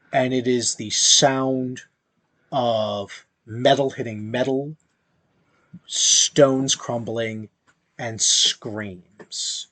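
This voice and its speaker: A man narrating a tabletop game as game master, in slow, halting speech with fillers. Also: mid-range voice, a bit bright, no room sound.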